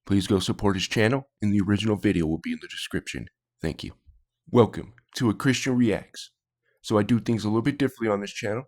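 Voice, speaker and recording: Low-voiced man hosting a reaction video. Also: darkish tone. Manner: chatty, apologetic asides, quick laughs. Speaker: reaction channel host. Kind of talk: casual reaction commentary.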